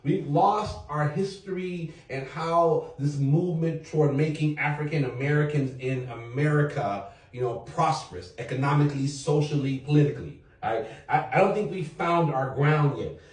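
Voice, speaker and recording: A man hosting a podcast round-table, talking loosely and jokingly, swearing now and then and leading the group in call-and-response. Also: fairly high pitch. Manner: animated, jokey, swears freely, leads chants. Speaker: podcast host. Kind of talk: casual round-table talk. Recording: roomy echo, distant mic.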